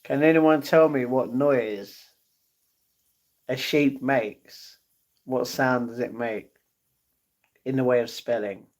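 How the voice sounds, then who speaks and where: A man's voice: mid-range voice, fairly even intonation, takes it slowly, pauses often. A man chatting casually on his live stream, answering viewers' messages and talking to his pets between replies.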